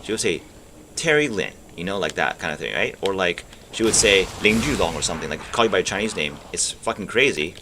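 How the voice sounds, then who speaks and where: A man's voice: low-pitched, quick pace, hardly any pauses, bright, forceful tone, slight background noise. A man rambling and musing aloud while playing a video game, swearing casually and trailing off mid-thought. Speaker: gaming streamer. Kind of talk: rambling commentary while gaming.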